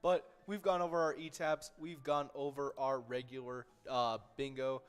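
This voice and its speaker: Man, co-host, chatty, quick reactions, casual promo talk. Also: medium pitch, little pitch movement, smooth. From Minnesota. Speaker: co-host of a bingo livestream.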